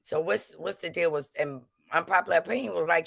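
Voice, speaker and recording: A woman's voice: fairly low pitch, brisk, gravelly, no room sound, clean studio sound. A woman hosting a livestream, calling people out to her chat and switching between anger and preachy talk of prayer and forgiveness. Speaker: livestream host.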